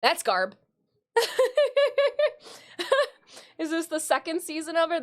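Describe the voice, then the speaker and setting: A high-pitched woman from Michigan hosts a casual live stream, her voice swooping up and down as she talks. She rambles through viewer comments, giggling often. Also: big pitch swings, takes it slowly, a bit bright. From Michigan, USA.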